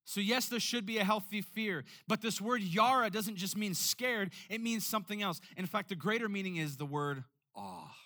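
A man preaching a sermon in an animated way, often repeating words when making a point. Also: high voice, normal speed, few pauses. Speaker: pastor.

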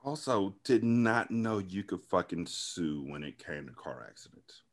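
A man's voice: low voice, animated, a little slow. A man co-hosting a podcast in casual chat, wryly recounting events step by step with blunt profanity. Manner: wry storytelling recap with blunt profanity. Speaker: podcast co-host.

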